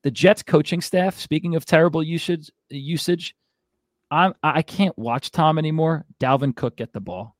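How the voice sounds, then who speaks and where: A man's voice: a little high, normal speed, no echo, clean studio sound. A man co-hosting a sports podcast, ranting in a fired-up, exasperated way. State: out of breath. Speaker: podcast co-host.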